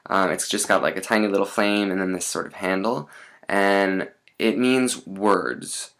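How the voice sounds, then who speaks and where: A man teaching a lesson in a relaxed, chatty way, with many fillers and asides. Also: sits low, measured pace.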